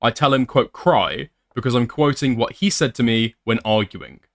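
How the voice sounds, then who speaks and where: A man's voice: mid-range voice, fairly even intonation, a little fast. A man doing commentary as a YouTuber, reading screenshots aloud with blunt, sarcastic asides.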